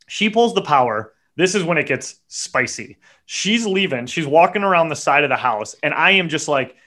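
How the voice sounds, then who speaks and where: Animated, profane man telling a story. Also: fairly high pitch, normal speed, hardly any pauses. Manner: animated and profane, voice jumps up when acting out his own yelling. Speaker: podcast host. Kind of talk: casual storytelling rant.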